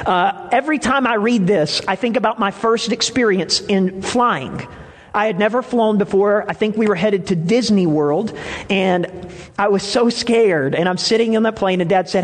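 A man's voice: high voice, fairly quick, in a large hall. A man preaching a sermon, telling stories with emphatic rises and drops. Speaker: pastor.

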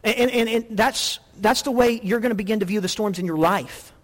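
A middle-aged male pastor delivers an animated sermon, stumbling over repeated words as he builds up his point. His voice sits a little high for a man. It rings out with the long reverb of a large hall. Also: brisk. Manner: animated storytelling with many restarts.

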